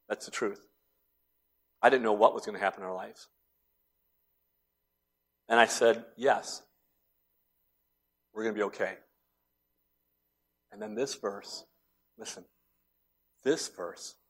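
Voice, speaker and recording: This is a middle-aged male pastor whose voice is on the low side. In his sermon he alternates between near-whispers and loud, emphatic declarations.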